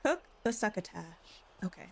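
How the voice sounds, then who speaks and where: A woman's voice: medium pitch, very animated, normal speed, gravelly, a little hiss or hum. A woman streaming a video game, chatting casually and thinking aloud as she plays. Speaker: gaming streamer. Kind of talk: casual gameplay chat.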